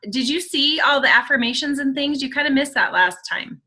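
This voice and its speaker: A woman's voice: high voice, animated, brisk, pushed and bright. A woman hosting a group video call, chatty and giggly, asking people for questions. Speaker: workshop host.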